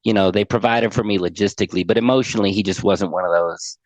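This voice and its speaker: A man's voice: low-pitched, fast, dry recording. A middle-aged man on a podcast, earnestly telling a heartfelt personal story as an anxiety coach and often repeating words as he goes.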